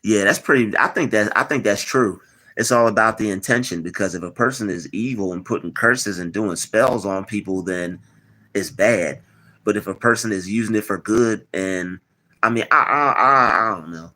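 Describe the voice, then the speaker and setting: A man's voice: on the low side, normal speed, bright, forceful tone. A man hosting a live stream, talking casually, teasing and replying to his chat with lots of repetition. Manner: mocking, repetitive, replies to chat.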